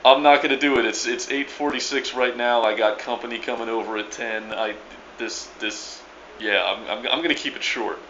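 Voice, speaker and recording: A man's voice: mid-range voice, steady tone, moderate pace, fairly bright tone, lo-fi sound, slight background noise. A man from New Orleans with a local accent, recording an emphatic, stammering video reply and swearing casually. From New Orleans area. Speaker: video blogger.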